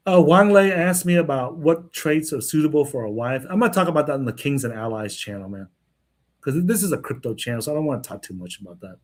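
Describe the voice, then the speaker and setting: A man's voice: on the high side, lively intonation, quick pace. A man hosting a casual livestream monologue, talking in a blunt, brash, swaggering way and tagging his lines with "man" and "okay?". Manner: repeats "man" and "okay?" as tags. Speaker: livestream host.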